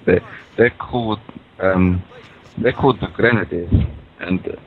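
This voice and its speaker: A man's voice: low voice, unhurried, narrow, tinny audio, slight background noise. A man rambling through a comedic in-character monologue, hesitant and full of ums and restarts. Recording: voice over loud video game gunfire. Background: game battle sounds with gunfire.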